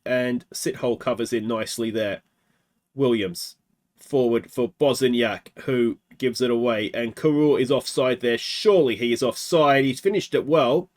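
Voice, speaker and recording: A man's voice: mid-range voice, normal speed, a little mellow. An Australian man hosting a let's play, chatting through a football management game and asking himself rhetorical questions. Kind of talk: game commentary.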